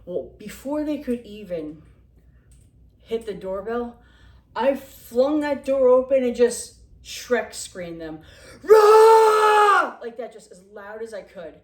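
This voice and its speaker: A woman casually telling funny stories as a vlogger in her home kitchen, animated and chatty, talking while she eats. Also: on the high side, takes it slowly. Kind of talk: casual storytelling. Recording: echoey room.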